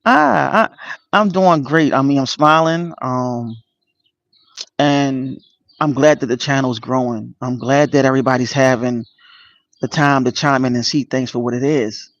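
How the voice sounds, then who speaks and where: A man's voice: medium pitch, fairly bright tone, no echo. Earnest man chatting on a livestream. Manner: greets chat viewers by name, drawn-out pauses and fillers; earnest, emotional and spiritual. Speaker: channel host. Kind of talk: casual livestream chat. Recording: dull lo-fi dry sound.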